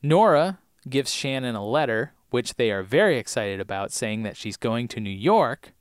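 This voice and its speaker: A man co-hosting a podcast, casually recapping episodes with playful puns and quick acted-out lines. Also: mid-range voice, sing-song, clean tone, no echo, studio quality. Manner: playful, punning, acts out scenes. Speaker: podcast co-host.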